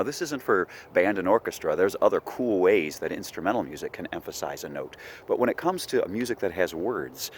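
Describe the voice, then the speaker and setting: A man's voice: low-pitched, slight background noise. A man teaching an online music lesson, explaining how melodies emphasize words and singing short examples. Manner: animated, sings short examples to demonstrate.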